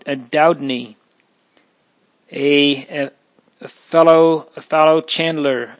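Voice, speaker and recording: Fervent male reader of an old memoir. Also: medium pitch. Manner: earnest, fervent reading with emotional swells. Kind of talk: reading aloud an old religious memoir.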